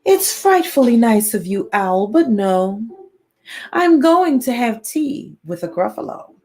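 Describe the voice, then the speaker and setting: A woman's voice: fairly high pitch, sing-song, slow, darkish tone, heavily acted. A woman doing a cheeky, clever little mouse. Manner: bold, matter-of-fact.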